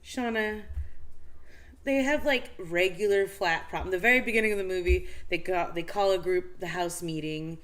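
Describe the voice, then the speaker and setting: A woman co-hosting a casual live-stream chat, telling a story with lots of fillers and acted-out bits. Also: normal speed. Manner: animated storytelling, acts out scenes with high squeals and laughs; many fillers and restarts. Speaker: podcast co-host.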